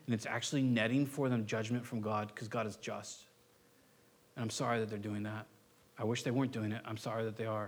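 A man pastor preaching a sermon in a conversational way, with joking asides, building to an earnest, impassioned plea. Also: medium pitch. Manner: conversational, rising to impassioned pleading; self-correcting, joking asides.

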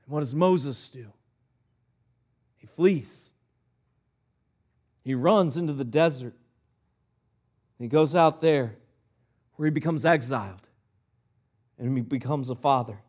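A man's voice: medium pitch, slow, pauses often, darkish tone. A male pastor preaching a sermon, reading scripture aloud and retelling it in earnest, conversational words.

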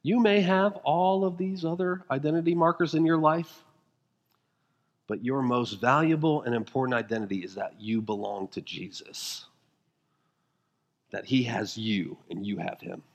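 A man preaching a sermon as pastor, emphatic and full of rhetorical questions, moving between quiet intensity and rising fervor. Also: medium pitch, normal speed, lo-fi sound.

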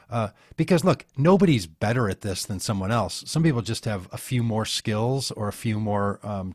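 Earnest rambling man, lowish voice. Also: a little mellow, no room sound, clean studio sound. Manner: rambling, earnest, storytelling with restarts. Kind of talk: conversational interview.

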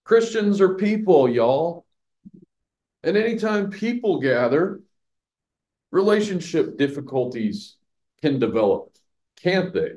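A man's voice: on the high side, sing-song, slow, long pauses, darkish tone. A man teaching a Bible passage verse by verse, chatty, asking his listeners questions and laughing at his own jokes. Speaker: pastor teaching a Bible study.

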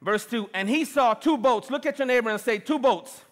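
A middle-aged man preaching a sermon as pastor, lively and personal, calling on the congregation. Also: extremely high pitch, moderate pace. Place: large church hall. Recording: long reverb of a big hall.

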